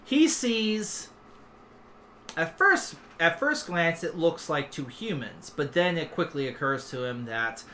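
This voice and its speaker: A man runs a tabletop game as game master, with a bright, forward voice. He talks in a loose, chatty way. Faint noise hums under the recording. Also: on the high side, animated, takes it slowly. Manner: loose, chatty, with sudden loud character outbursts.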